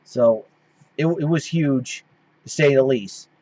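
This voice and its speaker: A man's voice: medium pitch, takes it slowly, mellow, lo-fi sound. A man hosting his own show, giving a casual recap that rambles and keeps restarting its sentences. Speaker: host.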